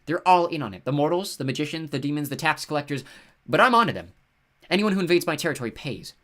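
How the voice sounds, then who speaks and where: A man's voice: on the high side, big pitch swings, fast talker, voice pushed up. Man putting on a haughty huntress goddess. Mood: paranoid. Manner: scornful and blunt.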